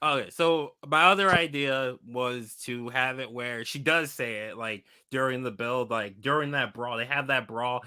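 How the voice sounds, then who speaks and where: A man hosting a podcast in casual banter, animated and defensive, swearing freely. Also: medium pitch, normal speed, few pauses, clear, resonant tone. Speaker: podcast host. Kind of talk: casual chat.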